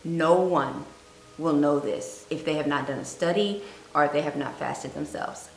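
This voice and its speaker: A woman giving earnest fasting advice on her vlog, telling a personal story and repeating points for emphasis. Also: low-pitched, gravelly. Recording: echoey room with faint music.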